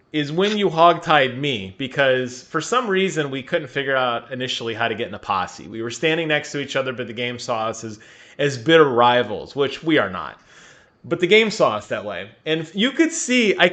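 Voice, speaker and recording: A young man co-hosting a gaming podcast, telling a story in an animated way and laughing often. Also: mid-range voice. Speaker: podcast co-host. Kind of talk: casual chat.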